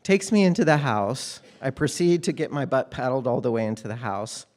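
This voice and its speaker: A man telling a personal story on stage, candid and wry, with animated moments. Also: medium pitch, normal speed.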